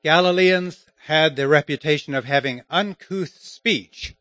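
Male preacher giving a sermon, slow and halting delivery, mid-range voice, dry sound. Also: fairly high pitch, a bit bright, no room sound. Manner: halting, many fillers.

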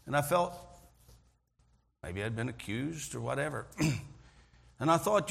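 A middle-aged male pastor preaching a sermon, telling stories earnestly and often clearing his throat. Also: mid-range voice, expressive, measured pace, pauses often, a bit bright. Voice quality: gravelly, husky voice. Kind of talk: sermon with storytelling.

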